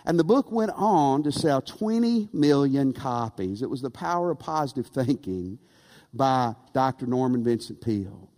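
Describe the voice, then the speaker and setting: A man preaching a sermon, animated and rhetorical, asking the congregation for amens. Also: mid-range voice. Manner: animated, rhetorical, calls for amen. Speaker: pastor. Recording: long reverb of a church hall.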